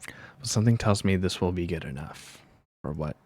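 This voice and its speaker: A man with a very low, deep voice talks quietly through his work in soft-spoken ASMR style. He pauses often and thinks aloud in a hushed, unhurried way. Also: expressive, breathy edge. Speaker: streamer.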